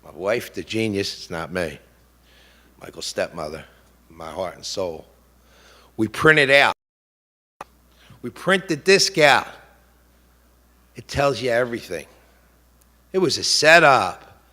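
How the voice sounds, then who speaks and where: A man's voice: fairly low pitch, very animated, slow, long pauses, pushed and bright. A middle-aged man speaking as a grieving, indignant father at a press conference, emotional and repeating "you know?". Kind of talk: impassioned public statement. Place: press club conference room.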